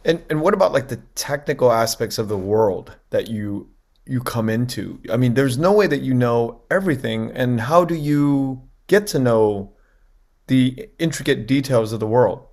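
Gravelly-voiced man asking questions. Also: mid-range voice, lively intonation, a little mellow. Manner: halting questions with many fillers. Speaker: interview host. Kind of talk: conversational interview.

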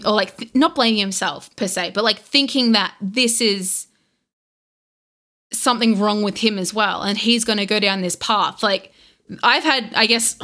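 A young woman guest on a podcast, casually retelling a game story in a rambling, animated way with lots of fillers and restarts. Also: medium pitch. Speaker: podcast guest, content creator.

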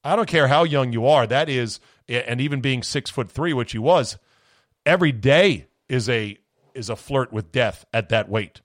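A man's voice: mid-range voice, expressive, normal speed, dry recording, studio quality. A man hosting a sports podcast, ranting sarcastically with profanity, his voice strained from screaming. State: voice going from screaming. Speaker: podcast host.

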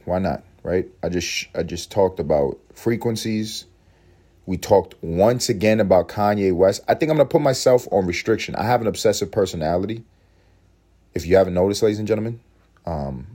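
A man's voice: low-pitched, warm tone, husky. A man hosting a solo podcast, musing aloud in a profane, rambling way and laughing often. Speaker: podcast host.

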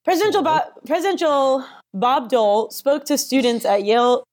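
A woman's voice: sits high, moderate pace, a little mellow, natural voice. A woman playing an eager, awkward sixteen-year-old girl hosting a comedy talk podcast. She giggles, rambles and gets flustered, without a proper microphone. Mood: giggly. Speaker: host.

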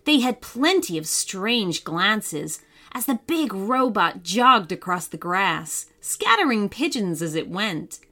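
A woman narrating a children's story in an expressive, sing-song way. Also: mid-range voice, slow.

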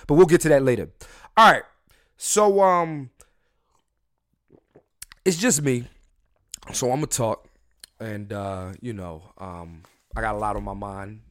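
Drunk and high in his bedroom, a young podcast host rants solo in a loose, joking way. His mumbled asides keep breaking into loud, emphatic outbursts.

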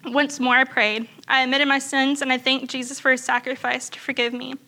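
Bright-voiced woman reading her testimony. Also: high voice, little pitch movement, a little fast. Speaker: church member sharing testimony. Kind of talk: reading a written testimony aloud.

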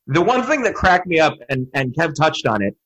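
A man talks casually as a podcast guest, venting with profane enthusiasm. His voice is slightly raised and a little husky, and it rises and falls widely as he gets worked up. He rants more than he reasons. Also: on the high side, normal speed, rough recording. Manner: animated, profane, ranting criticism. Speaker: podcast guest, comedy writer. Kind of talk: casual chat.

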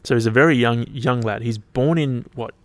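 Tired aussie guy rambling on his podcast, swears heaps, mid pitch, dry sound. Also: normal speed, no echo. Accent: Australian. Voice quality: laid-back, rambling, swears freely. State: tired, yawning. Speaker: podcast host. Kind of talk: casual solo podcast chat.

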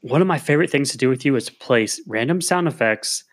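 A man's voice: mid-range voice, lively intonation, fast talker, soft background music. Teasing man podcast co-host. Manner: teasing, plays host to his co-host's bits. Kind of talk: casual chat.

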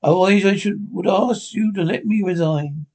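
A gruff, stern ship captain, blunt and formal, pitched above the reader's own voice, as a man reads him aloud. His lines come out clipped and firm, like a storybook officer laying down the law. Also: moderate pace, darkish tone. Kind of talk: audiobook character reading.

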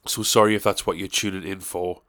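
A man's voice: low-pitched, flat delivery, fairly quick, a bit bright. A young man hosting his own podcast, giving a casual, rambling, self-deprecating solo introduction with jokes. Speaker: podcast host.

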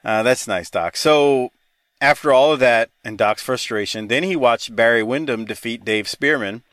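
A man's voice: mid-range voice, normal speed, a bit bright, no room sound, clean studio sound. A man hosting a podcast in casual chat, laughing and swearing freely. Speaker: podcast host.

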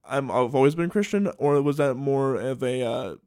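A man's voice: medium pitch, normal speed, a little mellow. A young man hosting a podcast interview in a casual, rambling way, with many fillers and restarts. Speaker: podcast host.

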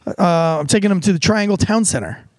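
On a podcast, a middle-aged male host chats casually, swearing plenty and drifting into quick, rambling asides, and he also reads an ad. His voice is high, expressive and a little mellow, recorded with no room sound.

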